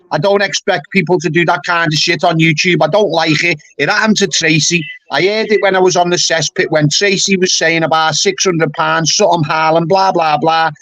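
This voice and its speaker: A man's voice: high voice, fairly bright tone, no room sound. A man from England hosting a casual livestream chat, blunt and swearing, tacking "mate" onto nearly every sentence. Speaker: YouTube livestream host.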